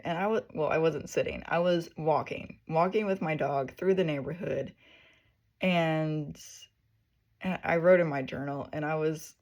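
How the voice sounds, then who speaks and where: Earnest woman with a gravelly low voice. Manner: earnest, emotional, rambling with many fillers. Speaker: faith testimony vlogger. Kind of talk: personal spiritual testimony.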